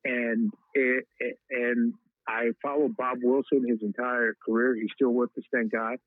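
A man from Kansas is a podcast guest. He tells a personal story in a reflective way and pauses often on "uh". His voice comes over a thin, phone-like line that sounds dry and close. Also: medium pitch, flat delivery, dry recording. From Wichita, Kansas, USA. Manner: frequent "uh" fillers, heartfelt and reflective. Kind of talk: storytelling interview.

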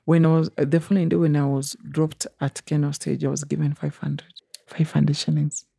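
A young Kenyan woman recounting a personal story in an interview, animated and acting out other people's voices, slipping into Swahili phrases. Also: low-pitched, brisk, gravelly, husky, dry recording, clean studio sound. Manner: animated, acts out quoted voices, mixes in Swahili. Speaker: interview guest.

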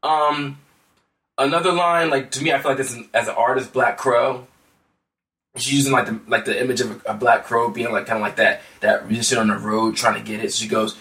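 A man's voice: mid-range voice, fairly even intonation, a little fast, bright, forceful tone, roomy sound, distant mic. A man co-hosting a casual music podcast, rambling with many fillers and restarts. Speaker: podcast co-host.

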